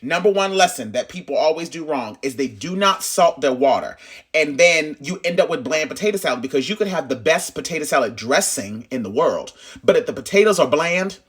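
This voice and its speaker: A young man walks viewers through his recipe in a casual, emphatic style. His voice sits a little high and rings bright and forceful as he hammers home his points. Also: brisk, husky. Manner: lively, emphatic, talks straight to viewers. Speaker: cooking channel host. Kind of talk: casual cooking tutorial.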